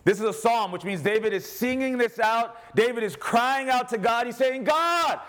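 A man preaching as a pastor, animated, rising to loud cries and dropping to quiet asides. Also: extremely high pitch, moderate pace. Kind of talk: sermon.

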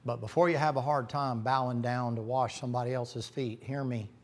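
A middle-aged man preaching a folksy, joking sermon that climbs to loud, shouting peaks. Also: medium pitch, steady tone, a little fast. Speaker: pastor.

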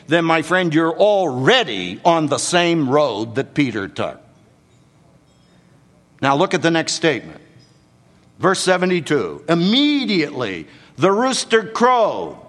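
A man's voice: a little high, fairly bright tone, long reverb tail. An older man preaching a sermon, dramatically acting out the quotes in the story.

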